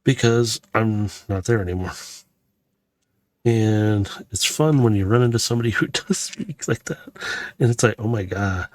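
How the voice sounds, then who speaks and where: A man's voice: on the low side, normal speed, dry recording. A man from Missouri chatting casually and rambling a little as he narrates a Lego build for his channel. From Missouri, USA. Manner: rambling and chatty, with frequent fillers and self-corrections. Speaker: vlogger building a Lego set. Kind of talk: casual running commentary while building.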